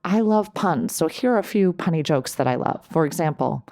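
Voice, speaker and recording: A woman's voice: low voice, lively intonation, normal speed, hardly any pauses, dark tone, dry recording, studio quality. Upbeat woman coach, laughing easily. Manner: upbeat, laughs easily, often asks "right?". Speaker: life coach and podcast host. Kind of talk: solo podcast talk, coaching advice.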